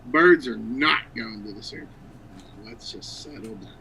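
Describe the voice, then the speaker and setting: A man's voice: mid-range voice, moderate pace, creaky, background noise. A man with a Pittsburgh accent on a sports podcast, teasing and blunt. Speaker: podcast co-host. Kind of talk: casual sports chat.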